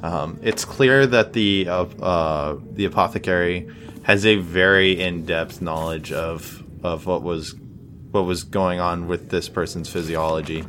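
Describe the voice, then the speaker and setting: A man narrating as game master of a tabletop game, halting, with many fillers. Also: deep voice, fairly even intonation, fairly bright tone, a little hiss or hum.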